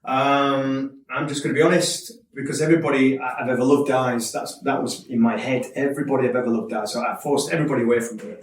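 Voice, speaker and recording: A man's voice: medium pitch, fairly even intonation, fast talker, hardly any pauses, slight background noise. A man telling his life story in a candid, earnest way, often repeating words as he restarts. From Yorkshire, England. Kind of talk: personal testimony talk. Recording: echoey room from a distance.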